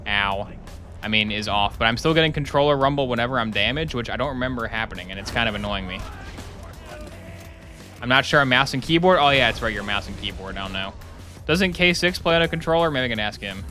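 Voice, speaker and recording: Young guy streaming live, bright voice, jokey and chatty while he plays, faint music behind. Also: medium pitch, expressive, quick pace. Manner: chatty, joking, talks to chat while playing. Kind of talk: live gameplay commentary.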